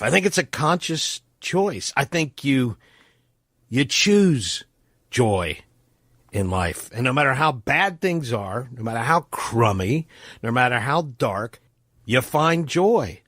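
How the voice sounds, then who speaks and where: Male player role-playing, slow, lively pitch, dry close sound. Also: no echo. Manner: earnest, heartfelt speaking. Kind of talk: in-character role-play.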